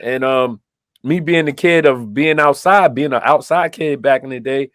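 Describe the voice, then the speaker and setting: A man's voice: medium pitch, moderate pace, no echo, studio quality. A man from Brooklyn, co-hosting a casual podcast and telling stories, acting out the dialogue in his anecdotes. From Brooklyn, New York. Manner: animated storyteller, acts out dialogue in quotes. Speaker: podcast co-host. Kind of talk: casual storytelling chat.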